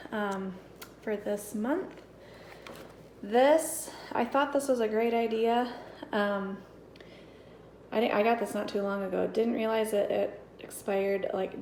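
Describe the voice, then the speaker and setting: A chatty homemaking vlogger in her thirties walks her camera through her basement storage and pantry, talking through the shelves in a casual, practical way. Her mellow, medium-pitched voice has a gravelly, creaky edge, and she's out of breath after the stairs. She thinks aloud with many fillers, and a faint hiss sits under her words.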